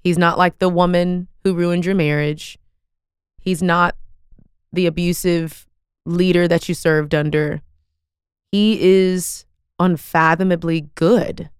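A woman hosts a podcast in a folksy, earnest and emphatic way. Her voice sits on the low side and sounds smooth and resonant, recorded dry and close. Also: fairly even intonation, slow pace, long pauses, no room sound. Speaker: podcast host. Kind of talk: casual podcast talk.

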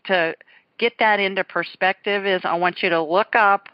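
A woman hosting a call-in radio show, brisk and reassuring with callers, quick to laugh. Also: mid-range voice, steady tone, no echo, dull audio. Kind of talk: casual call-in radio chat.

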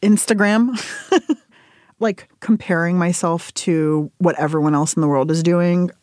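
An animated woman in her forties tells stories as an interview guest, her pitch leaping high whenever she acts out her own reactions. She laughs often and talks with candid energy. The sound is dry and close. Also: unhurried, dry recording. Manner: animated storytelling, jumps high when quoting herself, laughs often. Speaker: interview guest, cookbook author.

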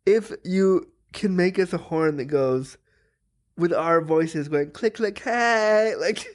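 A man hosting a casual podcast chat, animated and laughing often, trailing off and restarting mid-sentence. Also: on the high side, slow. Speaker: podcast host; power wheelchair user.

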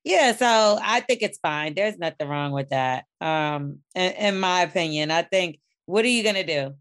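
A woman's voice: lowish voice, moderate pace. A woman co-hosting a podcast in casual, chatty banter. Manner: chatty, animated and loud when excited. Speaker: podcast co-host. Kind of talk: casual chat.

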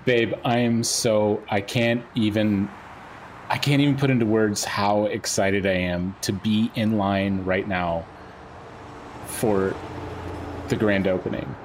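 A man's voice: on the low side, slow pace, a little hiss or hum. A man playing a giddy restaurant fan who gushes in overwrought, flowery words about standing in line. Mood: gushing.

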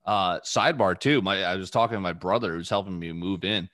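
Low, dry-voiced male podcast host. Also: brisk, a bit bright, dry recording. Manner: rambling, filler-heavy storytelling. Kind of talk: casual podcast chat. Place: home studio.

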